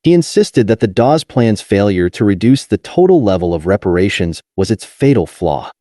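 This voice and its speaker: Low, mellow male audiobook narrator. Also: big pitch swings, normal speed, no echo, clean studio sound. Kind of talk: scripted nonfiction narration.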